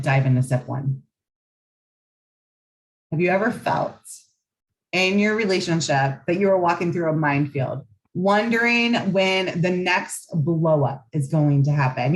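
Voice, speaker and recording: A woman's voice: sits low, poor audio. A woman relationship coach giving a guided coaching talk in a soothing, affirming, earnest way.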